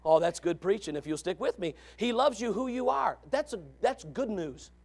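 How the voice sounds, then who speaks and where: In a fiery sermon, a male pastor's high, gravelly voice leaps up and down in pitch, expressive and at a moderate pace. He swings from quiet, conversational asides to loud, shouted declarations, reading scripture aloud in old-fashioned wording.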